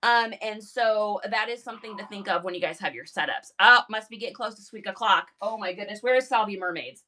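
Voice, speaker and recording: A woman hosting a casual live stream, bubbly and excitable, talking into a phone. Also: fairly quick. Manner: bubbly, excitable, high-energy. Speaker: live-stream reseller host.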